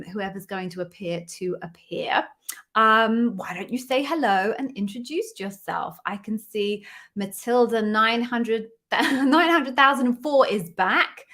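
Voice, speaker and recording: A woman's voice: medium pitch, fairly bright tone. Woman host, playful and chatty, welcomes viewers by name on a live stream, mid-range voice, computer mic at home. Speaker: host of live Q&A stream, former interview bar raiser. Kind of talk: casual live-stream chat. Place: room at home. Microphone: computer microphone.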